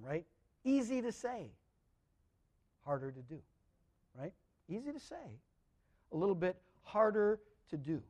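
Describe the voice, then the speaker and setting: High-voiced preacher with emphatic swings. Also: male voice. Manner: repeats words as he restarts, asks the audience "right?"; swings between loud emphatic lines and quiet asides. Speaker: pastor. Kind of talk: sermon.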